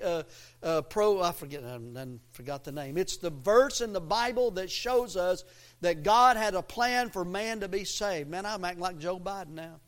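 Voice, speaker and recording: A man preaching a sermon, swelling into loud emphatic lines and dropping low again, with a folksy, self-interrupting delivery. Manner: preaching with rising, emphatic swells and quiet drops. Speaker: pastor.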